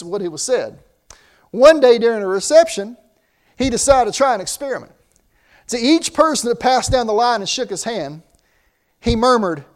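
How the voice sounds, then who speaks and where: A man preaching a sermon in a conversational way, with asides and restarts. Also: very high voice.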